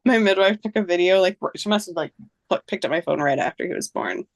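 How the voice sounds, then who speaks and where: A woman's voice: fairly low pitch, lively intonation, fast talker, gravelly, dry recording. A woman in her thirties, a podcast guest, recounting a personal story in casual chat, acting out dialogue with lots of fillers.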